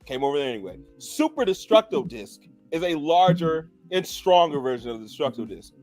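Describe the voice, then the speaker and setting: A male host with a fairly high voice that leaps up and down as he talks, swearing freely and reading out attack lists between jokes. Faint music sits under his casual chat. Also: fairly quick. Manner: animated, profane, reads move lists aloud. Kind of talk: casual chat about anime powers.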